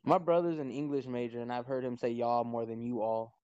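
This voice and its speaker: A young man from Texas with a Texan accent, talking bluntly and swearing casually in a relaxed chat. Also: medium pitch, brisk, clean tone, no echo. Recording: dry, dull lo-fi sound.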